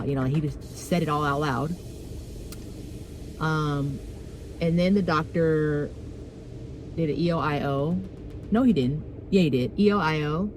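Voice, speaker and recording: A woman's voice: low voice, unhurried, pauses often, darkish tone, poor audio. Blunt, chatty woman vlogging over music. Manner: blunt, profane and chatty, acts out dialogue. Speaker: dental hygienist vlogger. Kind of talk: casual vlog chat. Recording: music playing behind.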